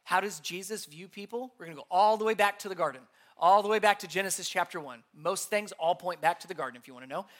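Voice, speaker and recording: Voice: medium pitch, quick pace, hardly any pauses. A pastor teaching a sermon in an earnest way, repeating key points and asking the audience questions. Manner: asks the audience rhetorical questions.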